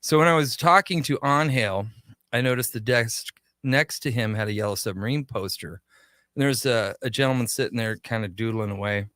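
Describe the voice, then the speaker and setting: A man guesting on a radio talk show, telling stories about his shop with lively quoted dialogue, in a studio. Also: medium pitch, normal speed, dry recording. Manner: animated anecdotes with quoted dialogue. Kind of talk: casual radio interview storytelling.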